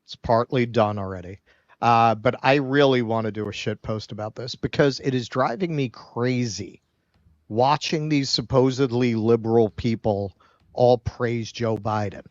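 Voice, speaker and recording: A man's voice: mid-range voice, animated, moderate pace, dry recording. A man co-hosting a political commentary show, ranting in a heated, sarcastic way with swearing and stammered starts. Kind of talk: casual political commentary rant. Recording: dull, muffled lo-fi mic.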